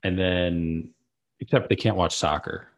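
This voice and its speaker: A man with a very deep voice co-hosts a casual podcast. He recaps in a relaxed, filler-heavy way. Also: measured pace. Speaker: podcast co-host. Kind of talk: casual chat.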